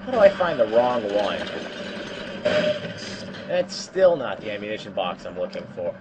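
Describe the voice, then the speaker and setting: A man's voice: on the low side, very animated, normal speed, heavy background noise. A man giving let's play commentary, swearing and complaining with jumpy outbursts. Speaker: gamer.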